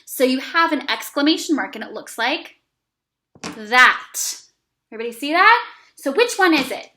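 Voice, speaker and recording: A woman teaching an early reading lesson to young children, speaking slowly and encouragingly with plenty of praise. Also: high-pitched, big pitch swings, bright, forceful tone, echoey room, slight background noise. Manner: slow, exaggerated, encouraging teacher talk with praise.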